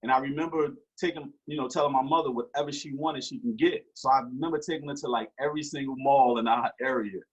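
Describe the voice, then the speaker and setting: Husky-voiced man telling a story. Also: medium pitch, quick pace, few pauses, poor audio. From Newark, New Jersey. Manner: animated storyteller acting out quoted dialogue. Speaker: guest. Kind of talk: storytelling in an interview.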